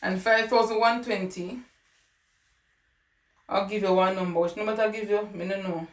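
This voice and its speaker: A woman with a Caribbean English lilt walks viewers through math on a relaxed livestream. Her voice sits at an ordinary middle pitch. The sound carries a roomy echo from a room at home. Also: moderate pace. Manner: chatty, talks to viewers and answers chat. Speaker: math tutor. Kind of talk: casual livestream lesson.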